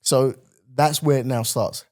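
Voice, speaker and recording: A man co-hosting a podcast in casual chat, relaxed and agreeable, laughing along. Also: medium pitch, measured pace.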